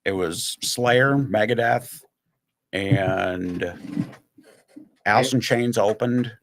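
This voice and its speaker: Animated man telling stories. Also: lowish voice, drawn-out words, a little hiss or hum. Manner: animated storyteller who acts out other people's voices. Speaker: podcast guest or host recalling stories. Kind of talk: casual podcast chat, storytelling.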